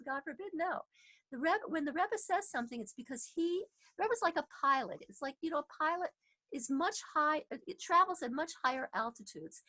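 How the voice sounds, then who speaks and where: A high-voiced woman leads an online class over a video call. She talks in a chatty way, with many fillers and restarts. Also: pushed and bright. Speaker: teacher.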